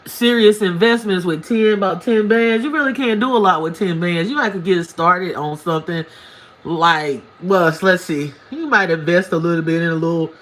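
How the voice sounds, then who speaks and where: A woman's voice: lowish voice, normal speed, a bit bright. Emphatic, preachy woman streamer. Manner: emphatic, preachy, colloquial with folksy asides. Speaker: spiritual live-streamer giving advice. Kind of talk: casual livestream monologue. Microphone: single mic on a livestream.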